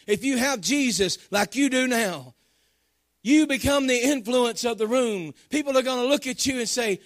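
A man preaching with fervor, his voice pitched high above most men. He calls out to the congregation between points and tells his stories in a homey, folksy way. The sound is close and dry, with no room around it. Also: normal speed, no room sound. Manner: fervent, Southern-tinged folksy preaching with call-outs to the congregation. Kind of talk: sermon.

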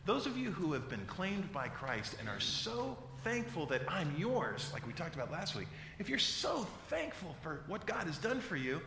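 A man's voice: on the high side, big pitch swings, moderate pace, gravelly, hardly any pauses, bright, forceful tone, a little hiss or hum. A pastor from the United States preaching a sermon and reading scripture aloud, with playful mock voices for his examples. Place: church sanctuary. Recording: echoey hall, long reverb.

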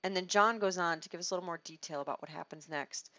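A woman Bible teacher leads a conversational study, speaking expressively, acting out quoted lines and restarting phrases as she works through each thought. Her voice is somewhat low and she talks fast. The recording is dull, lo-fi and dry, without room sound.

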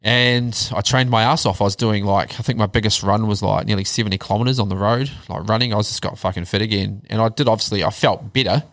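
A man telling his life story in a casual chat, blunt and animated, swearing heavily. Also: fairly low pitch, fast, few pauses, no room sound. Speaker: podcast guest.

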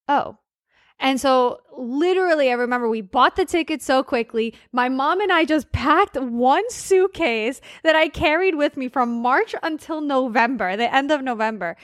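An American woman telling stories in casual chat as a podcast co-host, animated and laughing often. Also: high-pitched, dry recording, clean studio sound. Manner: animated storyteller, laughs often, quotes herself.

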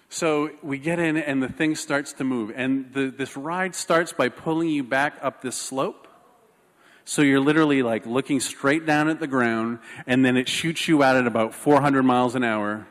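A man preaching a sermon, telling a personal story in an animated, self-mocking way. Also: medium pitch, normal speed, long reverb tail. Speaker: pastor.

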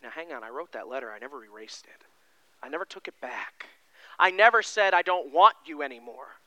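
A male pastor voicing Jesus as gentle, patient and loving, speaking low and half-whispered in a sermon. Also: lively intonation, moderate pace, clean tone, dry recording, heavily acted, poor audio. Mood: tender reassurance. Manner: soft, hushed, partly whispered.

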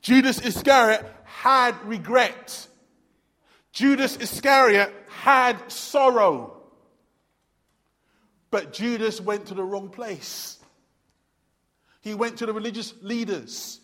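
A man preaching a sermon earnestly, repeating phrases for emphasis and swinging between loud and hushed delivery. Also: high-pitched, slow, pauses often. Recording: long hall reverb.

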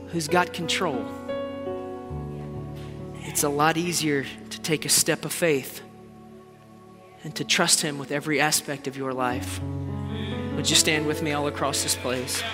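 A man preaching a sermon with passion, moving between loud exclamations and quiet asides. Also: fairly high pitch, steady tone, unhurried, long pauses. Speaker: pastor. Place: large church hall. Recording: long hall reverb with faint music.

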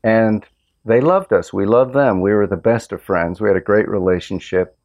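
A man who farms organic tomatoes, hosting a casual interview and telling stories in an earnest, relaxed way. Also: on the low side, moderate pace, gravelly. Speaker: host, organic tomato farmer.

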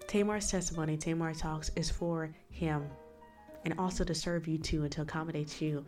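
A woman's voice: deep voice, steady tone, normal speed, a little mellow, soft background music. A woman hosting her own faith podcast, talking in an emphatic, preaching way and answering the questions she asks. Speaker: podcast host. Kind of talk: solo faith podcast talk.

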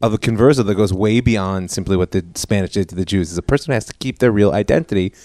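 A man co-hosting a podcast, speaking in a measured way and laughing often during the conversation. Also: fairly low pitch, darkish tone, no echo, clean studio sound. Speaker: podcast co-host.

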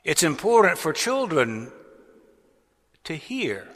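A man preaching a sermon as a pastor, deliberate and rising to strong emphasis on key words. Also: a little high, big pitch swings, fairly bright tone. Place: large cathedral. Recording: long cathedral reverb.

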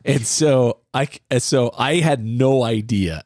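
A middle-aged man from the US Midwest, co-hosting a parenting podcast and telling a self-deprecating childhood story in a casual, animated way. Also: mid-range voice, takes it slowly, dry recording, clean studio sound.

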